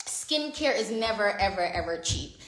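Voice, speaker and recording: A woman's voice: medium pitch, animated, normal speed, a bit bright, slight background noise. A young woman, chatting casually on a livestream and reading viewer comments aloud from her home. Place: home room. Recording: echoey room.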